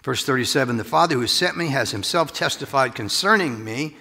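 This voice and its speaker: A man teaching from the Bible in a lively sermon style. His voice is bright and gravelly, and he often chuckles or drops to a whisper for emphasis. A long reverb hangs behind him. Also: medium pitch, brisk. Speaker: preacher.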